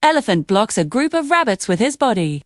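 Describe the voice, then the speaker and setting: A woman narrating a children's animal story in an expressive storytelling manner. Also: a little high, fairly quick, no echo, studio quality.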